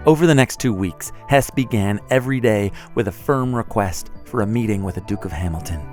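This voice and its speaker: A man narrating a podcast story from a script, calm and storytelling. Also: fairly low pitch, fairly quick, soft background music.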